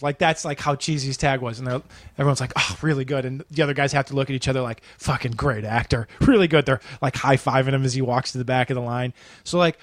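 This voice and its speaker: A man's voice: mid-range voice, fast talker, dry recording. A man telling a long comic story as a podcast guest, swearing often, acting out the other people's lines and laughing through them. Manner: acts out characters, swears, laughs a lot. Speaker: comedian guest. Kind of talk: animated storytelling.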